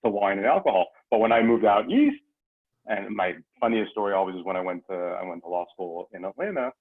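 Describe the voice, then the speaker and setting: A man's voice: lowish voice, lively intonation, fairly quick, husky. A man from California talking as a guest in a casual conversation, rambling with many restarts. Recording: tinny phone line.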